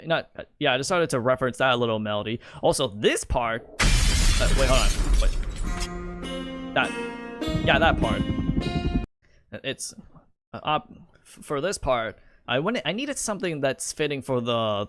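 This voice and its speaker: Young male streamer, rambling, restarting often, mid pitch, dry sound. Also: fairly bright tone, dry recording. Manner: stammering, restarts a lot, rambling. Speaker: streamer and video creator. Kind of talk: casual live-stream commentary.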